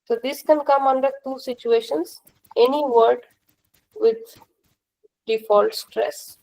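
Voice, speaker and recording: A young woman with an Indian accent teaches a class, going over each point patiently and repeating it before asking the students a question. Her voice sits a little high and carries a noticeable gravelly fry. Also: fairly even intonation, slow, a little mellow, low-quality recording. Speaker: language teacher. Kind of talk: classroom lesson explanation.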